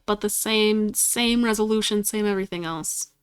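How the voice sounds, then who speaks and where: A woman streams herself at her computer, chatting to herself casually while playing and getting fed up enough to swear at the game. Her mid-range voice is smooth, her pace moderate, and there's no room sound.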